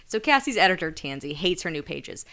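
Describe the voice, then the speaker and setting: A woman's voice: fairly low pitch, sing-song, fairly quick, a bit bright. A woman co-hosting a podcast, casually recapping a romance novel, laughing often and acting out the characters' lines. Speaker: podcast co-host. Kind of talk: casual chat, recapping a book.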